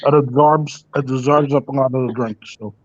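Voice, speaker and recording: A man's voice: mid-range voice, fairly even intonation, moderate pace, dry recording. A man from Ireland chatting in an easygoing, laid-back way on a livestream. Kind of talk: casual chat. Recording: dry, dull lo-fi stream audio.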